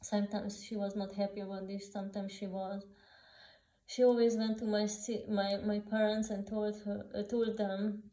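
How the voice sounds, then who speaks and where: A woman telling personal memories unscripted, halting with many restarts, fillers and non-native grammar. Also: mid-range voice, level tone, dark tone, echoey room, poor audio. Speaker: author sharing personal memories.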